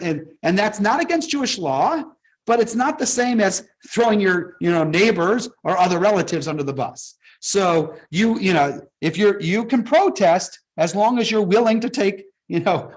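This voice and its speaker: A man's voice: high-pitched, low-quality recording. A man, a rabbi, giving a casual, joking teaching talk to his congregation. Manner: conversational, joking asides to congregants.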